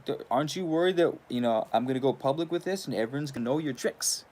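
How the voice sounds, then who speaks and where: A man's voice: medium pitch, quick pace, a little mellow, lightly acted. A man voicing a curious man who earnestly questions the devil, in a slightly raised voice.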